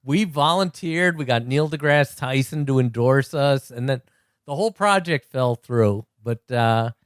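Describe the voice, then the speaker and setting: A middle-aged man, a comedy writer, telling anecdotes in a casual podcast chat with dry, deadpan wit. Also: mid-range voice, a little slow, clean tone, no room sound.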